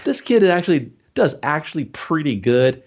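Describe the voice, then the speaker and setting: A podcast co-host with a fairly high voice reviews a movie in casual chat, swearing heavily and acting out scenes in put-on voices. He's profane and animated, speaks at normal speed, and the recording sounds muffled.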